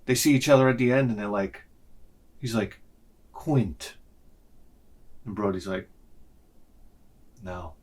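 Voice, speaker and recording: A man's voice: fairly low pitch, a little fast. A middle-aged man ranting through a casual, comedic vlog monologue, slipping into other people's voices as he goes. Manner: animated ranting, acts out lines in voices. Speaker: vlogger.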